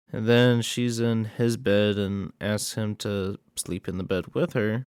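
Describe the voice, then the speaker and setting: A man's voice: on the low side, a little mellow, clear, resonant tone, no echo, clean studio sound. A man casually recapping a horror movie plot in a rambling way, with many fillers and asides.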